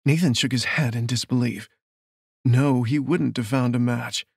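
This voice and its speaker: A man reading a romance novel aloud in a steady, measured storytelling voice. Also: mid-range voice, gravelly, breathy edge, no echo, clean studio sound. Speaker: audiobook narrator. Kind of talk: scripted romance narration.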